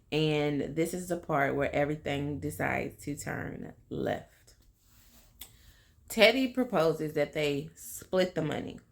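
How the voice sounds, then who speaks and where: A woman's voice: low voice, gravelly. A young woman casually recapping a TV episode, chatty and full of fillers. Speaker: TV recap vlogger.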